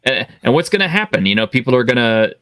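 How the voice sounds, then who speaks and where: A man talking as a guest on a pop culture livestream panel, animated when he objects. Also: mid-range voice, quick pace, no room sound. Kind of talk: casual panel chat.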